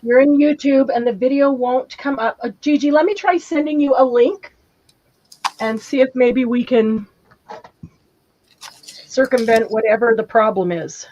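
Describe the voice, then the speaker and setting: A woman's voice: on the high side, a little slow, pauses often, dark tone, a little hiss or hum. Chatty woman host, lo-fi sound. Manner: chatty, talks while eating. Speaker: livestream craft host. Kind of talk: casual chat reading viewer comments. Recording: dull lo-fi stream audio.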